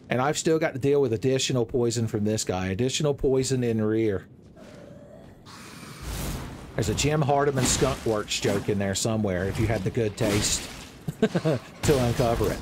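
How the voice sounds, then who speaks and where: A young man giving playful, joking commentary over his own gameplay, breaking into loud exclamations. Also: mid-range voice, animated, a little fast, noisy background. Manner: playful, jokey, swings into loud shouted exclamations. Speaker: gaming video creator.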